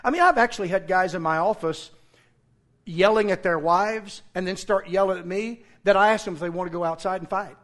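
A middle-aged man preaching a sermon in a high voice. He reads scripture in a steady tone, then gets heated and close to shouting as he recounts his own run-ins. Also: brisk. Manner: animated, rising to near-shouting in retold confrontations. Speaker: pastor.

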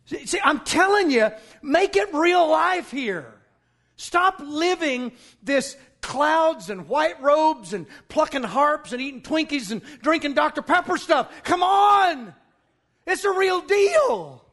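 Brief: high-pitched male pastor, emphatic and scornful sermon delivery, bursts into shouts. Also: expressive, measured pace.

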